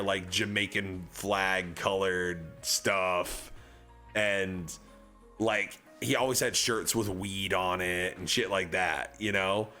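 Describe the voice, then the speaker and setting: A man's voice: fairly low pitch, pushed and bright. Rambling young man telling a story. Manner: rambling, heavy on fillers and reenacted dialogue. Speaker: streamer. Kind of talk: casual storytelling on stream.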